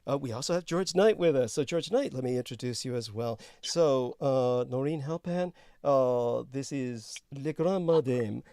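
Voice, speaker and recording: A man hosting a casual call-in show, talking in a halting way with many fillers and pauses. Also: mid-range voice, a little mellow, clear, resonant tone, no echo, studio quality. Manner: halting, filler-heavy, slips into a put-on crooning sweet-talk voice. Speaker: show host. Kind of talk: rambling casual call-in chat.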